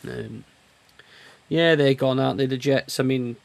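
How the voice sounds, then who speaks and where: A man's voice: medium pitch, a little slow, vocal fry. A man with a British accent co-hosting a hockey podcast, bantering sarcastically and reading out team stats. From Britain. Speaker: podcast co-host. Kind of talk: casual hockey chat.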